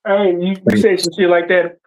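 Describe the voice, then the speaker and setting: Laid-back wrestling-podcast co-host, high voice, easy laughing banter. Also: male voice, level tone, normal speed, darkish tone. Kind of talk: casual wrestling chat.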